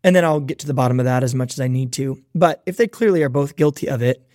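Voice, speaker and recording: A man's voice: mid-range voice, fast, a little mellow, no room sound, clean studio sound. A man in his thirties hosting a podcast, talking through parenting advice in an earnest, casual teaching way and acting out bits of dialogue with his kids. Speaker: podcast host.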